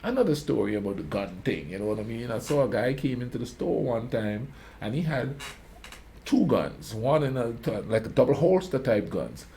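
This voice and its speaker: A man's voice: medium pitch, very animated, moderate pace, a little hiss or hum. A man hosting a reaction video, telling rambling anecdotes in a casual way and often asking "you know what I mean?". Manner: calls himself a quiet talker. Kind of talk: casual storytelling commentary.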